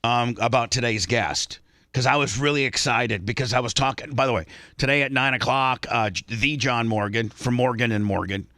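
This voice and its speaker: A talk-radio host rambles through a story, stopping and restarting often. His voice is bright and forward. The sound is dry and close. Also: medium pitch, normal speed, no room sound.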